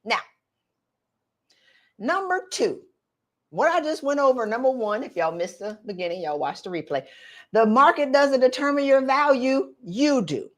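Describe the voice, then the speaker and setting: A middle-aged woman coaching live. Her voice sits a little high, and she talks in a slangy, direct, animated way. She sounds like she is preaching to a crowd of viewers. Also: moderate pace, long pauses. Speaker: career coach for women. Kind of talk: live-streamed coaching talk.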